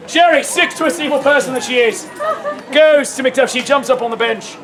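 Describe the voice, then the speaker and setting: A man performing playful, teasing comic narration for an audience-participation show, now and then bursting into shouts. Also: extremely high pitch, normal speed. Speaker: street theatre performer. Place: outdoor festival stage. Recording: loud outdoor crowd and noise.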